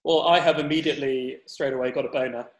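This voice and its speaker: A man's voice: medium pitch, fairly even intonation, fast, reverberant, background noise. A man hosting a podcast, casual, joking and swearing, laughing often. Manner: jokey, sweary, laughs a lot. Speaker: podcast host.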